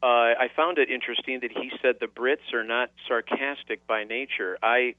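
A man's voice: medium pitch, steady tone, moderate pace, dry recording. A man hosting a radio debate, wry and quoting scripture at length. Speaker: radio host. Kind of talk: debate on a call-in radio show. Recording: phone-like radio line.

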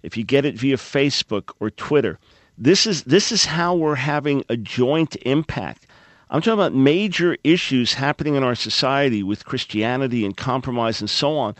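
A male Christian radio host talking earnestly and fervently at a studio microphone. His voice sits at a middle pitch, and the studio sound is dry and close. He speaks with the warmth of a preacher addressing his listeners. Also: expressive, normal speed, no room sound. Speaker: radio talk show host. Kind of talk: Christian call-in radio talk.

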